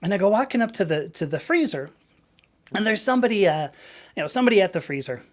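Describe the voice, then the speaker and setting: A woman's voice: medium pitch, animated, fast. A woman hosting a live stream, chatting casually in a rambling way and laughing often.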